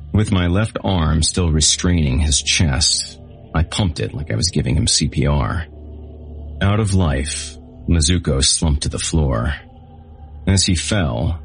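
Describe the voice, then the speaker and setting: A man narrating a first-person audiobook in a flat, matter-of-fact way. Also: a bass voice.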